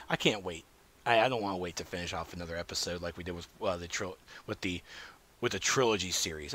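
A man hosting a casual solo gaming podcast, rambling and animated, swinging between loud remarks and muttered asides. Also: medium pitch, brisk, no echo. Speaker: podcast host.

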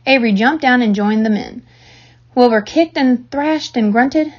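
A woman reading a children's book aloud, telling the story in a lively, expressive way. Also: a little high, moderate pace. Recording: dull lo-fi recording.

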